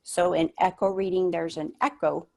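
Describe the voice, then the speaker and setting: A woman teaching an online training session for adult education instructors, explaining reading methods in a measured way with frequent fillers. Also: on the low side, steady tone, creaky, a little mellow. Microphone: computer mic on a video call.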